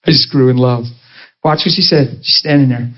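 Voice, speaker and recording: A man preaching a sermon, telling a personal story with passion and a voice that swings high and low. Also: fairly quick, dull audio.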